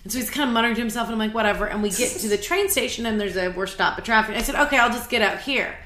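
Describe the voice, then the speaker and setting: Fast, bright-voiced woman telling a story. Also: a little high, slight background noise. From California. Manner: animated, swearing, lots of "like" fillers. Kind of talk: casual storytelling chat. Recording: roomy echoey room.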